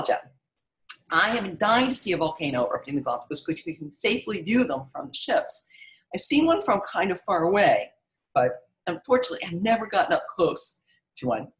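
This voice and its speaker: Animated middle-aged woman storyteller. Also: fairly low pitch, low-quality recording. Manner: expressive, animated reading. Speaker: author reading her book aloud. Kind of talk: read-aloud storytelling and live-stream chat.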